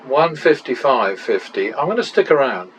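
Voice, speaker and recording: A man's voice: medium pitch, big pitch swings, normal speed, slight background noise, low-quality recording. A man and channel host talking through practice casino betting, muttering running tallies with wry exclamations.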